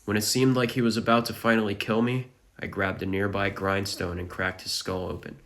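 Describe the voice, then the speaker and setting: A man voicing a calm, guarded boy who escaped slavery, in a manga recap. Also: lowish voice, a little fast. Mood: flat.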